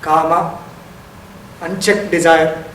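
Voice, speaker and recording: A man's voice: a little high, flat delivery, takes it slowly, fairly bright tone. A man giving a spiritual lecture as a meditation teacher, explaining step by step, asking rhetorical questions and stressing key words. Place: lecture hall. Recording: roomy hall, distant mic, faint noise.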